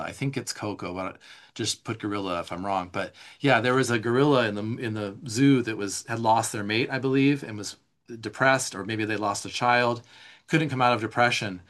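A man leading a live somatic class, reading notes aloud and explaining them in a relaxed, conversational way, responding to viewer questions. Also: on the low side. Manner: reads slides aloud, then explains in casual asides. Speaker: somatic teacher. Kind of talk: live online class teaching.

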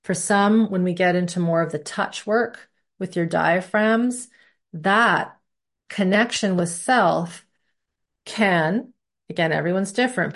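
A woman teaching a body-awareness class, talking in a relaxed, conversational way. Her voice sits slightly low for a woman. She explains her ideas through everyday examples. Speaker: somatic teacher.

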